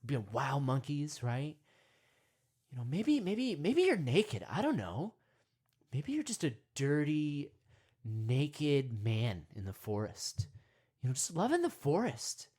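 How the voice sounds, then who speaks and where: A man leading a parody guided meditation, rambling with constant "you know" and "right?", sometimes dropping to hushed whispers. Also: a little high, wildly swooping pitch, slow, husky. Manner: drops to hushed whispers at times.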